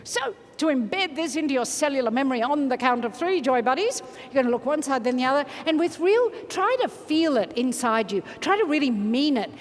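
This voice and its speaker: A woman motivational speaker, giving an energetic, playful keynote in a large conference hall and leading the crowd in chants. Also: high voice, fairly quick, few pauses. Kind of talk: keynote speech to a large audience. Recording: reverberant hall from a stage mic.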